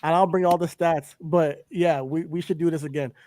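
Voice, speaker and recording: A man's voice: fairly high pitch, fairly even intonation, moderate pace, mellow. A young man co-hosting a podcast, chatting casually about sports and boasting that his team will win, often repeating himself.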